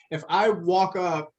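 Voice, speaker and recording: A man's voice: high voice, dull audio. A young man in casual podcast chat, blunt and swearing, with many stammered restarts. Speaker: podcast co-host.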